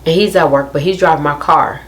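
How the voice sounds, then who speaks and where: A woman's voice: deep voice, a little fast, a bit bright. A young adult woman, telling a story in a casual, emphatic rant to her viewers and repeating her points. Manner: emphatic, repeats phrases, addresses viewers directly. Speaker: vlogger.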